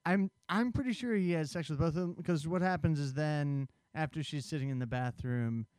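A man with a smooth, resonant voice walks through a movie's story in relaxed podcast chat. The sound is close and dry, with no room around it. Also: a little high, normal speed, no echo. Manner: conversational, explains plot at length. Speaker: podcast co-host summarizing a film. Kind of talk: casual film discussion.

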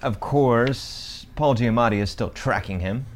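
A man's voice: medium pitch, a little slow, slight background noise. A young man co-hosting a podcast, recapping a film in casual chat, rambling and joking with lots of fillers and restarts. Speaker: podcast co-host.

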